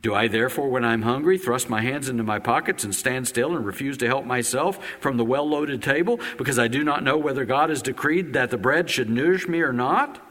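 A man preaching a sermon as the pastor of a church, reading a long quotation and then speaking in his own words, with sharp swings of pitch and loudness. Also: fairly quick, hardly any pauses, big-room sound. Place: church sanctuary.

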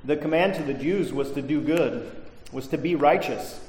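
A man's voice: a little high, normal speed, darkish tone. A male pastor preaching a sermon to a congregation, stressing key words with emphasis. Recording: echoey hall reverb.

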